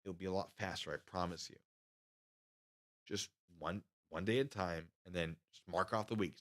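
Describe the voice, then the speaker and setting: His voice is low and his pace moderate as this man in his thirties tells his live chat about army training, casually, as the channel host. He brings the stories to life by voicing the others with loud shouts.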